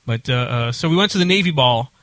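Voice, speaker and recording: A man's voice: medium pitch, animated, quick pace, a bit bright, no echo. A man telling a long story in casual chat, with lots of fillers and restarts. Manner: rambling, many fillers and restarts.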